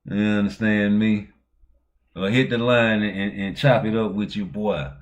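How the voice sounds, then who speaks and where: A man hosting a boxing talk show, chatting casually in animated, slangy, profane language. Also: fairly low pitch, a little slow. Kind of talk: casual chat.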